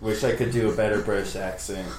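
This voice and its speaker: A man's voice: lowish voice, fairly even intonation, fast, darkish tone, echoey room, a little hiss or hum, low-quality recording. A man on a casual movie podcast, retelling a favorite scene with amused laughter. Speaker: podcast co-host.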